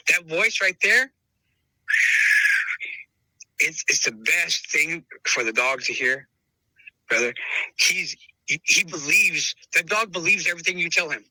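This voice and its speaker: Man, casual interview, emphatic and repetitive, fairly high voice, hard sharp tone. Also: animated, measured pace, long pauses, no echo, poor audio. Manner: emphatic, repeats himself, calls listener brother. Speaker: podcast host interviewed as dog trainer.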